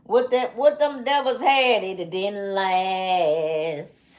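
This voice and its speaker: A woman vlogger, talking slowly in a rambling monologue, repeating phrases and often breaking into laughter. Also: mid-range voice.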